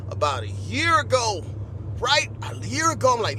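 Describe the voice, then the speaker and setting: A man in his forties hosting a comedic podcast, talking in an animated, playful way, repeating himself and laughing often. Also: very high-pitched, normal speed, a little hiss or hum. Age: 40s. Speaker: podcast host.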